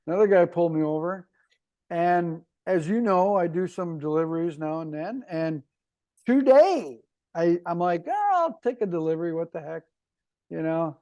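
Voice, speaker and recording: A man co-hosting a podcast in casual chat, halting and restarting as he talks. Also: a little high, mellow. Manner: halting, with many fillers and restarts. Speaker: podcast co-host.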